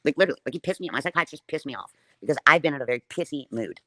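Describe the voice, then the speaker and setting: A woman's voice: low voice, animated, racing, sharp tone. A woman livestreaming a defiant, profane rant straight at her viewers.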